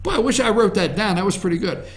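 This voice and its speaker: A man hosting an opinion talk show, delivering political commentary in a folksy, sarcastic manner with animated asides. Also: high voice, fast. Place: studio office.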